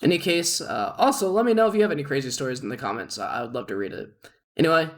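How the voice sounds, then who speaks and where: A man's voice: on the high side, rapid-fire. Chatty young man telling a work story. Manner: rambling, animated retelling with frequent fillers and laughs. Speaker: vlogger. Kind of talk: casual storytelling.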